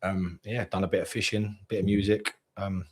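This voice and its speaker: Laid-back man, lowish voice. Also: little pitch movement, moderate pace, darkish tone. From East London. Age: 30s. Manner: easygoing, chatty, plainspoken. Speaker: podcast guest. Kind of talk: casual chat.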